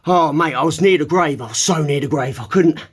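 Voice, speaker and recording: A man talking while holding a plank, strained and out of breath, sighing between emphatic phrases that burst into shouts. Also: a little high, a little fast, slightly rough. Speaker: fitness vlogger.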